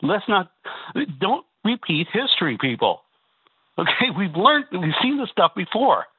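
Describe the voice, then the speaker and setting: A man's voice: high-pitched, sing-song, unhurried, husky, no room sound. Heated male caller on a phone line. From Canada. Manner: emphatic, repeats words, rhetorical asides. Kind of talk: call-in radio talk. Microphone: telephone.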